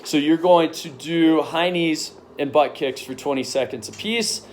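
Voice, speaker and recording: Unhurried and speaking on the high side, a man at a gym delivers a cheerful, informal update and rundown of the workout, rambling along with many ums. The recording has an echoey room and faint background noise.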